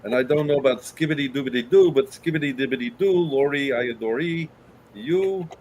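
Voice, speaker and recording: A man answers the host with dry, absurd jokes, never breaking into a laugh. His voice is mid-pitched. Clear background noise hums along under the call. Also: moderate pace, darkish tone, poor audio. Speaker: game show contestant.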